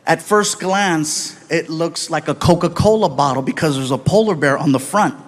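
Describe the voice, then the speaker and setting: A man from the United States doing animated stand-up storytelling on a live comedy stage, acting out voices and swinging between loud and soft. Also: on the high side, moderate pace.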